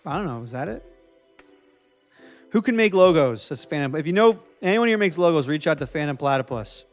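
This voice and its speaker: Livestream host: man, New York accent, fairly high voice, chatty and joking, faint music under him. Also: lively intonation, fairly quick. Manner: chatty, joking, reads viewer comments aloud. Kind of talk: casual livestream chat, reading chat comments.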